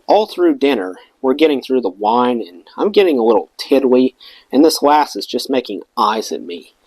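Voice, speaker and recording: Lively man reading a memoir aloud. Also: mid-range voice, normal speed, no echo, poor audio. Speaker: audiobook reader.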